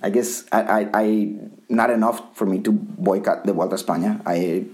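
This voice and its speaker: A man's voice: fairly low pitch, steady tone, moderate pace, darkish tone. A man from Colombia co-hosting a podcast, rambling in casual chat with frequent restarts and casual swearing. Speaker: podcast co-host.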